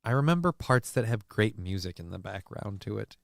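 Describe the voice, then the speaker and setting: A man's voice: on the low side, expressive, brisk, gravelly, dry recording. A man hosting a casual livestream, rambling, swearing freely and poking fun at himself while reading chat. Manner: rambling, profane, self-mocking. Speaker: livestream host.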